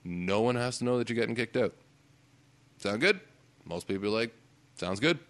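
A man's voice: medium pitch, moderate pace, a bit bright. Laid-back man telling stories. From Canada. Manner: laid-back storyteller, laughs often. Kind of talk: casual podcast chat.

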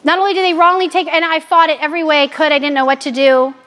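A woman in her forties giving a candid, animated personal faith talk to an audience as a Catholic speaker, mixing in jokes. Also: high voice, fast talker.

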